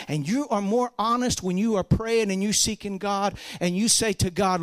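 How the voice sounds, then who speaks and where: Animated high-voiced male preacher. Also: normal speed, hardly any pauses, no room sound. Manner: storytelling, animated swings from soft to loud. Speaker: pastor. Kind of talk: sermon.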